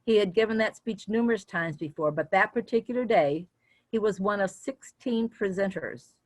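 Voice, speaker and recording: An older woman giving an instructional talk on public speaking as a guest speaker, deliberately varying her pitch and loudness as she goes. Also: no room sound.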